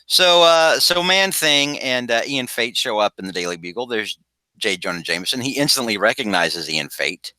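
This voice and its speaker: Man, podcast host, bright tone, dry sound, casual rambling comic book recap. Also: medium pitch, moderate pace, dry recording, poor audio. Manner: rambling, animated, slips into quoted voices.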